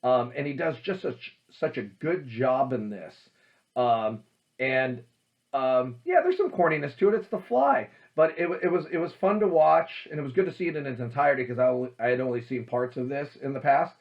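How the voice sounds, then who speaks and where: A man hosting a casual talk about old horror films, emphatic and animated, with many fillers. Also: medium pitch, moderate pace, highs cut off. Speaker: host.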